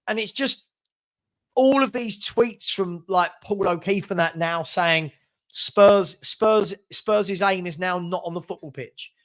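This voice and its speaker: A high-pitched man chats about football for a live stream. His talk is frustrated and rambling. He repeats words as he gets worked up. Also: moderate pace, fairly bright tone. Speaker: host of football watchalong. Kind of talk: casual football chat.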